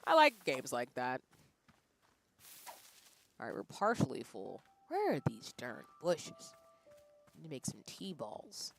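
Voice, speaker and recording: Brief: woman streamer, casual game talk, quiet and mumbled, lively pitch, faint music behind. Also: takes it slowly, gravelly, long pauses. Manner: quiet, muttering to herself while playing. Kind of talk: casual gameplay commentary.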